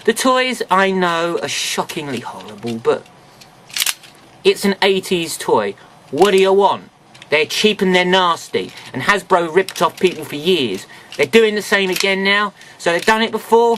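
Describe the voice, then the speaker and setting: A man's voice: high voice, sharp tone, a little hiss or hum. A man reviewing old toys in a casual vlog, frank, grumbling and self-mocking as he talks. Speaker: toy reviewer.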